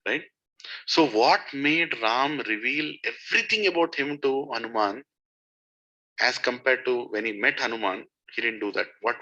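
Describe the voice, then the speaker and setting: Man with a very bright, sharp voice. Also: mid-range voice. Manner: storytelling, asks listeners questions. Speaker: spiritual teacher. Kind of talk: devotional talk to a satsang group. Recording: dull lo-fi recording.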